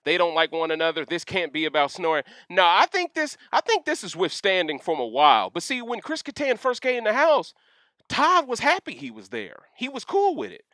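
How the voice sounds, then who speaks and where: A young man hosting a casual livestream rant, reading chat questions aloud and talking in an animated, slangy way full of asides. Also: high-pitched, a little fast, dry recording, studio quality. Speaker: livestream host.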